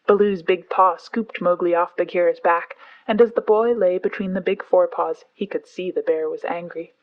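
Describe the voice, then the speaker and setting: A woman narrating a classic story aloud as a calm audiobook for sleep. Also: on the low side, moderate pace, hardly any pauses, highs cut off.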